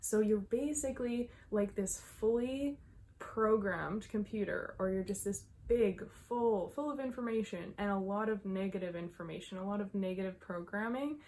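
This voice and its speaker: A young adult woman talking to camera as a mindset coach, slightly out of breath, emphatic and quick to laugh. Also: medium pitch, a little mellow. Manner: emphatic, repeats herself, laughs often. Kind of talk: casual talk to camera.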